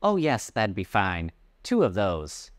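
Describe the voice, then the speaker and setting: A man voicing a young housewife, speaking with bright, forced cheerfulness. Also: on the low side, huge pitch swings, slow, no echo, clean studio sound, heavily acted.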